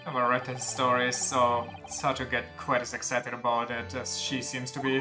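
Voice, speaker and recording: A man's voice: mid-range voice, completely flat delivery, normal speed, few pauses, over music. A man streaming a game, chatting casually with self-deprecating, laughing asides.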